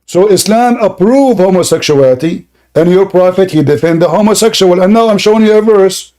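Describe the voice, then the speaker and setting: Combative high-voiced man, straining throat. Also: fairly quick, mellow. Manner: combative, insulting, repeats questions. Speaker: debate host. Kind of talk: heated online debate.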